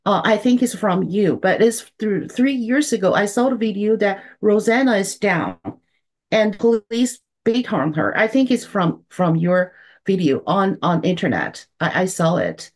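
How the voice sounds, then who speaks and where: Woman host, Chinese native, mid-pitched, gently sympathetic questioner. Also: lively intonation, a little slow. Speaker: forum host. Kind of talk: interview questions.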